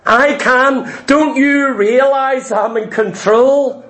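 A man's voice: very high-pitched, slow, a bit bright. A man preaching a sermon, emphatic and full of repeated rhetorical questions.

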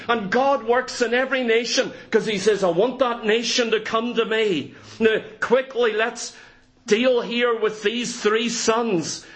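A man's voice: high voice, fairly bright tone. A man with a Northern Irish accent preaching a sermon, fervent and emphatic, firing off rhetorical questions to the congregation. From Northern Ireland.

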